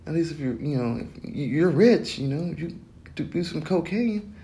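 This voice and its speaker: A man's voice: a little high, animated, moderate pace, warm tone, slight background noise. Rambling, foul-mouthed man laughing often. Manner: rambling, heavy swearing, frequent laughter. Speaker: podcast host. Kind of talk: casual profane monologue.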